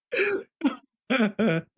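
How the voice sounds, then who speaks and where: A man's voice: very high-pitched, a bit bright, breathy edge. A man hosting a music reaction livestream, chatting casually with viewers and laughing often. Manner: laughs often, loose and playful; talks to viewers directly.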